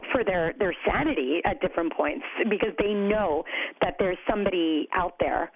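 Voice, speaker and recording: A woman who co-founded a grief community speaks as a podcast guest in a conversational interview, open and animated, peppering her sentences with "like" and "you know." Her voice is lowish and gravelly at normal speed, coming through a thin, phone-like line. The sound is dry and close, with no room around it and no echo.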